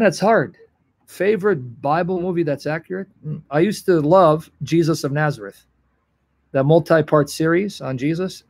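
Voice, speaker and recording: A man's voice: fairly high pitch, darkish tone. A man teaching the Bible on a livestream, earnest and emotional, answering viewers in the chat by name.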